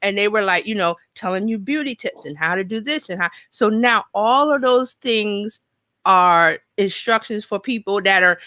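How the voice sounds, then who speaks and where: Chatty new york lady hosting, bright dry voice. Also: medium pitch, normal speed, no room sound. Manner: chatty, thinks aloud, reads viewer comments. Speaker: host. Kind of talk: casual live show chat.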